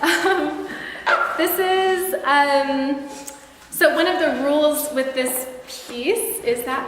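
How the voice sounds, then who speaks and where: A high-pitched woman talks slowly to a live audience between pieces, stopping and restarting her sentences with many fillers. Her voice rings through a big, echoey concert hall with a long tail of reverb. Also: slight background noise. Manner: hesitant, many fillers and restarts, self-conscious. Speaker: musician performing live. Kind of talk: casual stage banter. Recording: echoey hall, room mic, from a distance.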